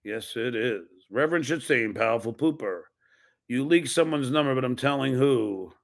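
Gravelly guy reading donations off a screen, snaps back at them, swears a lot. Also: medium pitch, animated, moderate pace. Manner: reads messages aloud and snaps back with blunt, profane retorts. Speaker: podcast host reading viewer donations. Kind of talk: casual live-stream chat.

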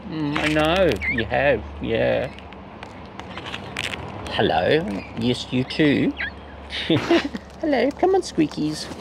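A man who runs a bird-feeding channel, chatting casually and playfully to wild birds in a high, sing-song baby-talk voice. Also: gravelly. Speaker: bird feeder and channel host. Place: outdoors with wild cockatoos. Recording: noisy outdoor recording.

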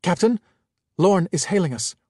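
Man doing a high eager young woman officer. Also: lively intonation, normal speed, dark tone, dry recording, clean studio sound. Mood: urgent. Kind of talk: audiobook character voice.

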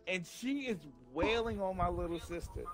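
A man hosting a gaming channel, telling a childhood story to friends in a casual, profane, animated way and laughing along. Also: high voice, normal speed, faint music behind.

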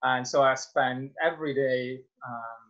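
Speaking a little slowly with fairly even intonation, a young man gives a guest webinar talk in an Italian accent, Italian being his native language. His mid-range voice is a bit bright, and he's friendly but hesitant, using plenty of fillers. Dull, lo-fi video call audio carries it.

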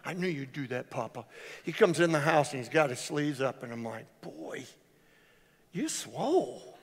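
Speaking fairly quickly in a medium-pitched voice, an older man preaches a sermon as pastor. The church sanctuary adds hall reverb as he animatedly tells jokes and stories, imitating the people in them.

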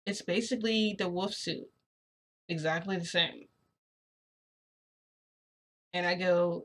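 A young woman casually telling a story as a vlogger, chatty and excitable, often saying "freaking". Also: fairly low pitch, slow, pauses often.

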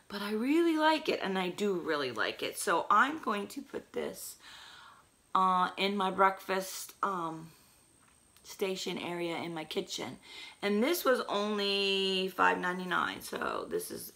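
Hoarse, chatty middle-aged woman vlogger with a gravelly, bright voice, casual haul talk. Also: mid-range voice. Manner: chatty, rambling with fillers.

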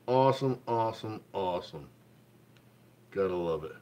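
A man hosts a casual livestream in a mid-range, animated voice at normal speed. He enthusiastically reads out finds from a magazine, repeats his praise, and greets viewers in the chat.

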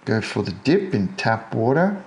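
A man's voice: fairly low pitch, sing-song, moderate pace, a little mellow, a little hiss or hum. An Australian man talking through a model painting tutorial in a chatty way, with jokey self-deprecating asides. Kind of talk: casual tutorial narration while painting.

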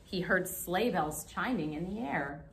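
A young woman, a children's librarian, reading a picture book aloud in an animated, expressive way during a remote storytime. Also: lowish voice, a little slow, gravelly, slight background noise.

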